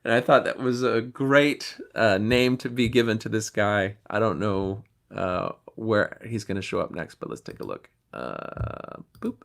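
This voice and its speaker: A man's voice: on the low side, lively intonation, measured pace, hardly any pauses. A man hosting a podcast, talking through his critique conversationally. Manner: conversational and critical, with ums and throat-clearing. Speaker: podcast host. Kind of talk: casual commentary.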